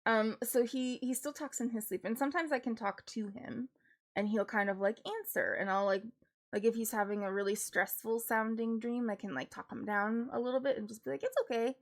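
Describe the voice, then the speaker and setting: A woman streams from home and chats casually, peppering her stories with "like" and laughing easily. Her voice is slightly high and steady, and she speaks fairly quickly.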